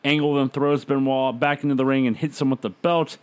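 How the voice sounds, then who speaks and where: A man's voice: mid-range voice, level tone, a little fast, a little mellow, clean tone. A man hosting a podcast, casually recounting events with frequent "uh" fillers. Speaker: podcast host recapping wrestling. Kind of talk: casual recap chat.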